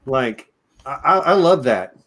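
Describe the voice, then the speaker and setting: A man's voice: medium pitch, lively intonation, measured pace, fairly bright tone. A man co-hosting a film podcast in casual chat, enthusiastic and steering the talk with questions.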